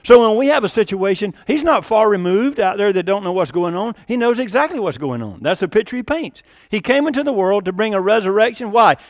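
A man preaching with a high, bright voice that leaps up for quoted lines and sinks low for quiet points. The delivery is animated and conversational, with a dry, close sound and no room echo. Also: brisk, few pauses. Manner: animated preaching, acting out quotes with sudden rises and drops. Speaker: pastor. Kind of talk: sermon.

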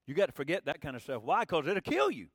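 High-voiced preacher man, dry sound. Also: wildly swooping pitch, fast, fairly bright tone, husky, no room sound. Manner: conversational preaching, rising for emphasis. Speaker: pastor. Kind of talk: sermon.

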